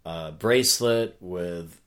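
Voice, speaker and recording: A man talking as a guest in a casual conversation, telling a story with animated energy and earnest restarts. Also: sits low, slow pace. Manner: animated storyteller who acts out voices. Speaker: author and guest.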